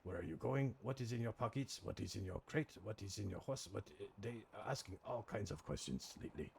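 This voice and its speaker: A man's voice: fairly low pitch, fairly quick, darkish tone, slight background noise. A man playing a defiant foreign-born outlaw who tells his story in broken English and swears bluntly. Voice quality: gravelly and husky. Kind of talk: roleplay in a western game.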